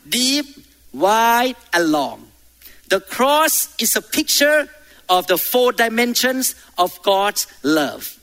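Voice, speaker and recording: A man's voice: high voice, sharp tone. A man from Thailand preaching a sermon in church, emphatic, with calls to the congregation. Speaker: pastor.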